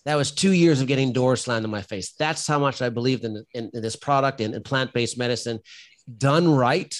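A man's voice: mid-range voice, moderate pace. A middle-aged man, a firefighter and company founder, talks as a podcast guest in a casual interview. He speaks bluntly and emphatically, and he often restarts his sentences.

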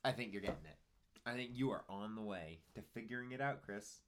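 Lively, teasing male podcast co-host. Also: on the low side, fairly quick, slight background noise. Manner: loud, goofy, teasing. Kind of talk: casual comedic banter.

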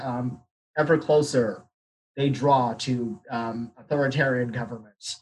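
A man's voice: mid-range voice, steady tone, a little slow, a little mellow, breathy edge, poor audio. A young man from Arizona, a panelist on a college podcast, talking candidly in casual discussion and laughing nervously at grim news. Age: young adult.

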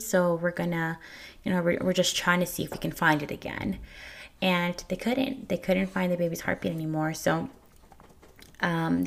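A woman's voice: fairly low pitch, gravelly. A young woman, a new mother, candidly telling her birth story to viewers in a casual way, stumbling over repeated words. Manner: candid, repeats words when emotional, addresses viewers directly. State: tearful at times.

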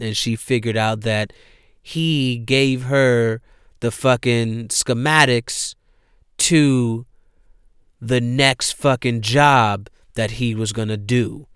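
A man's voice: medium pitch, clean tone, dry recording, clean studio sound. A man recapping a movie in casual talk, swearing freely and acting out the characters' lines as he tells it. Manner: profane, animated storytelling with quoted dialogue. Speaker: movie reviewer.

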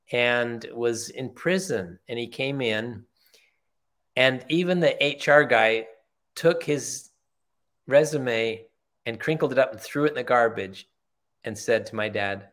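A man's voice: medium pitch, moderate pace. An older man, a retired executive, telling heartfelt stories in an earnest, conversational way as a podcast guest. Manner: earnest, heartfelt, repeats phrases for emphasis. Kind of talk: conversational storytelling.

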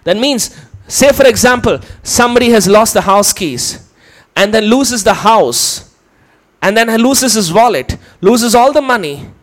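A man with a high, light voice delivers a teaching sermon. He explains things patiently, point by point, and often turns to his listeners with a quick question. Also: animated. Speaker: preacher.

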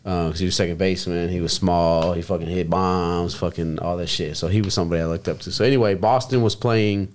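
A man's voice: low voice, fairly even intonation, fast talker, few pauses, darkish tone. A young man chatting casually, telling a long rambling story with lots of swearing. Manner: rambling, profane, laid-back storyteller.

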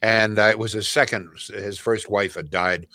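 Bright, rambling older radio host. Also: male voice, lowish voice, steady tone, moderate pace, no echo, clean studio sound. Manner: rambling storyteller, laughs at own stories. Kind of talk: casual radio chat and live ad read.

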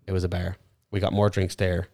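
A man's voice: sits low, completely flat delivery, fairly quick, warm tone, dry recording, clean studio sound. A young Irish man, a podcast co-host, telling rambling, sweary stories in casual chat.

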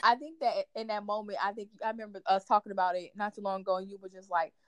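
A woman's voice: medium pitch, quick pace, no room sound. Chatty young woman hosting, dry close sound. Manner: animated storyteller, fills talk with "like". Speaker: podcast host. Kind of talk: casual chat.

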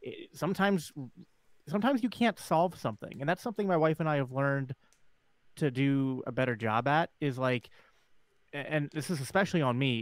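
A man's voice: medium pitch, no room sound. Earnest, reflective man in casual chat. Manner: earnest, reflective, many restarts. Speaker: podcast co-host.

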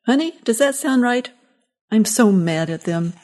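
A woman's voice: on the high side, expressive, a little slow, a little mellow, voice pushed up. A woman reading the lines of a cranky, confused elderly father-in-law in a short story, indignant and fussy.

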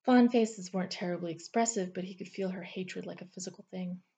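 A woman narrating a fantasy novel with expressive storytelling. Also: on the low side, a little fast, slightly rough. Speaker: audiobook narrator. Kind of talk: fiction narration.

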